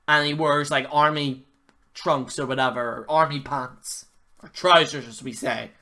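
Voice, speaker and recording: Guy ranting on his channel, sharp bright voice, blunt, keeps repeating himself, lots of slang and ums. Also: mid-range voice, fairly even intonation, measured pace. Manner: casual slang, fillers, restarts. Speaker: wrestling reviewer, channel host. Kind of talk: ranting video review.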